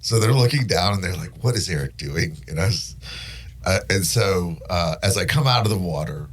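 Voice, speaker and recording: A man's voice: sits low, expressive, moderate pace, slight background noise. A man, a lawyer guest on a podcast, telling stories in an easygoing way and laughing through them. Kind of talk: casual storytelling.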